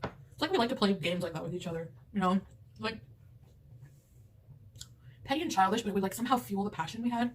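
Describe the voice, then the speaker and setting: A woman's voice: mid-range voice, a little fast, long pauses. A woman rambling and laughing through casual chat as she eats a big meal at home. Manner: rambling, chatty, laughs often. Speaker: mukbang eater. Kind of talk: casual chat while eating. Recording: distant mic with background noise.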